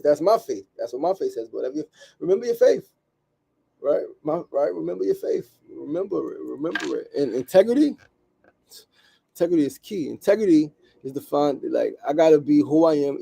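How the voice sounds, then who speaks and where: On the high side and gravelly, this man's voice hosts a motivational podcast. He speaks in animated, slangy street talk, repeating himself emphatically and closing lines with "right?".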